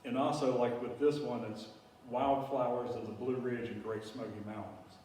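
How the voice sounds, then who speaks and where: This man's voice is mid-range, flat in delivery, slightly mellow, and at normal speed as he rambles through a casual plant talk for a local audience. It's folksy and loaded with fillers, recorded far from the mic in an echoey room with faint hiss.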